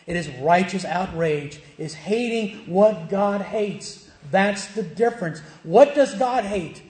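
A man's voice: high voice, slow, darkish tone. A middle-aged male pastor preaching a sermon, emphatic, firing rhetorical questions and answering them himself. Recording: echoey church room.

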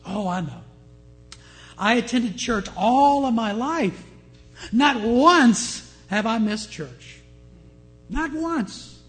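A man's voice: very high voice, lively intonation, takes it slowly, long pauses, a bit bright, faint music behind, exaggerated voice. A preacher acting out a desperate dead man. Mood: boastful. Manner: boastful, then desperate. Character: older man pleading at heaven's gate.

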